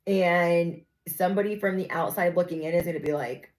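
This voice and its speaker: Young woman doing a reading, low voice, sassy and chatty, talks right to the camera. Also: steady tone, brisk, hardly any pauses, rough recording. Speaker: tarot reader. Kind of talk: casual spoken reading to viewers.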